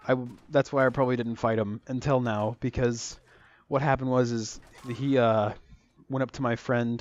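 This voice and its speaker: A young man spins a casual storytime, rambling and packed with "like" and swear words. His voice sits at an ordinary middle pitch. The recording is dull and lo-fi. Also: a little mellow. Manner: rambling, filler-heavy, swears freely. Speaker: storytelling vlogger.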